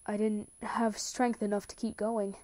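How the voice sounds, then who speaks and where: A woman's voice: medium pitch, level tone, a little slow, dark tone, natural voice. A woman voicing a tender, determined young man in a read-aloud story, with little change from her own voice. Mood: earnest.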